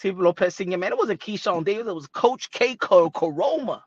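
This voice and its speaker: A man's voice: high voice, animated, brisk, few pauses, no room sound, dull audio. A man from Brooklyn hosting a casual boxing talk show, talking in streetwise slang and dropping in Spanish phrases.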